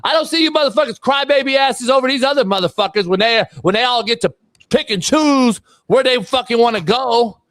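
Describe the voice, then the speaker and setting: A man's voice: extremely high pitch, brisk, a bit bright, no echo. A man hosting a sports talk show, ranting bluntly and profanely about football. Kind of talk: casual profane sports rant.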